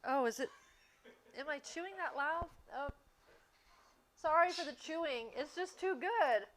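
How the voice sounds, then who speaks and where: Woman streamer, slightly high voice, easygoing and chatty while baking on stream. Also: expressive, fairly bright tone, a little hiss or hum. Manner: chatty, easygoing, quick to laugh. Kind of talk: casual chat while baking on a livestream.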